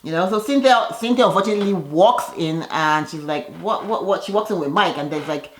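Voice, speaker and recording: A woman's voice: lowish voice, brisk, slight background noise. Chatty woman recapping in an echoey room. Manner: chatty, heavy on "you know" fillers; animated, acts out the cast's lines. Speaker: reality TV recap vlogger. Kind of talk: casual TV episode recap. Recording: roomy echo.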